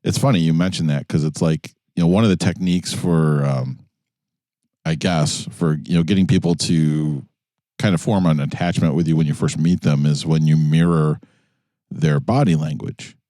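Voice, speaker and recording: Deep mellow-voiced man, halting. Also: steady tone, no echo. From New York. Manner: hesitant, halting, wry. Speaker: podcast co-host. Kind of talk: crude casual banter. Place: inside a car.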